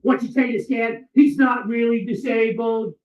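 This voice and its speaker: A man delivering a furious, profane ranting monologue and often shouting. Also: extremely high pitch, fairly even intonation, measured pace. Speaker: vlogger. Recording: echoey, distant, dull sound.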